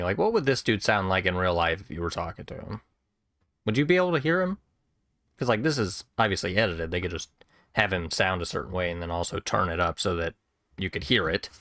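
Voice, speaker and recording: Low-voiced young man chatting on a call. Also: brisk, long pauses, dry recording, studio quality. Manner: laughs often, animated and rambling. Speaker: watch party host. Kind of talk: casual chat while watching a show. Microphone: webcam on a video call.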